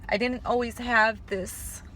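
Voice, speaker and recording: Vlogger, woman, bright tone, earnest and halting, faint background hum. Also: on the high side, steady tone. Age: adult, married. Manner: earnest, emotional, halting with restarts. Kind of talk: spiritual vlog monologue. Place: before going to work.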